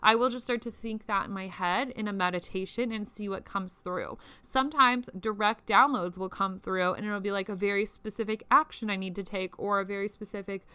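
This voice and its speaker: A woman's voice: medium pitch, steady tone, fairly quick, hardly any pauses, sharp tone, clear, resonant tone, dry recording. A young woman hosting a spiritual podcast, chatty and casual, swearing freely and saying "like" a lot. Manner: chatty and profane, many "like"s, laughs often. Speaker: podcast host.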